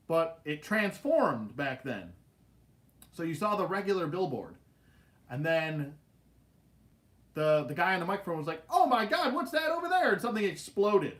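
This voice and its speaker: Slightly high-voiced man, animated storyteller. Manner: animated, laughing, swearing, acts out quotes. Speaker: livestream host. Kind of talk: casual storytelling chat.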